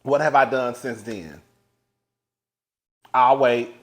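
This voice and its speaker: He runs through a reality show recap in a relaxed, sassy way, laughing often, calling the audience "girl," and alternating between loud and hushed moments. His pitch is medium and his pace slow.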